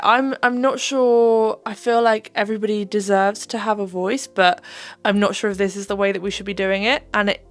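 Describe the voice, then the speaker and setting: A woman hosting a casual commentary on online clips, musing and a bit hesitant, with a self-deprecating streak. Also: medium pitch. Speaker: host, commentator.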